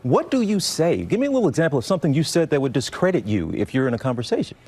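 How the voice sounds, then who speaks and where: A man's voice: on the high side, sing-song, very fast, darkish tone, husky. A man hosting a morning TV interview in a studio, upbeat and chatty as he reads intros and quizzes his guest. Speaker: TV morning show host.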